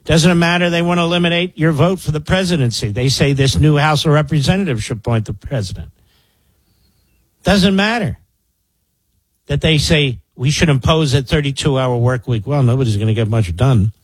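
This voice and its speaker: Guy in his 60s doing talk radio, husky dry voice, sarcastic and mocking, leans hard on words. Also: a little high, moderate pace, dry recording, rough recording. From Philadelphia area, US. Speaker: radio talk show host. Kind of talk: political talk radio commentary.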